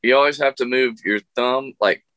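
A middle-aged man tells a long story as a guest on a radio interview, animated and laughing often as he restarts his sentences. His voice sits at an ordinary pitch and the recording is dry and close. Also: moderate pace, smooth, dry recording, highs cut off. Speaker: guest musician.

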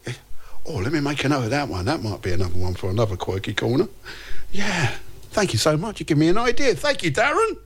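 Male radio host, London accent, playful chat with a lively pitch. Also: fast, breathy edge. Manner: chatty and playful, animated pitch. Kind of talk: casual breakfast radio chat, reading listener messages.

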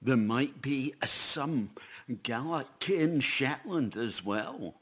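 Slow-spoken male interviewer. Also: mid-range voice, lively intonation, breathy edge. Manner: brief, plain questions.

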